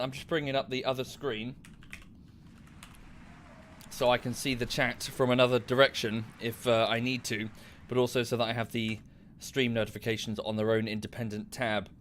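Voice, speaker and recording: A man's voice: medium pitch, level tone, a little fast, a little hiss or hum. Chatty polite British man. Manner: polite, chatty, rambling with many fillers. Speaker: livestreamer. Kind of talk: casual stream chat. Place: home streaming setup.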